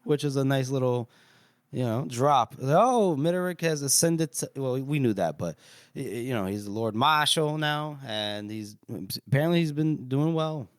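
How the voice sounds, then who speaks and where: A man's voice: mid-range voice, animated, moderate pace, dry recording. Man recapping a plot, dry close sound. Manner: recaps the plot, hesitant with many "uh"s. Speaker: podcast co-host. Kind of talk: casual book discussion.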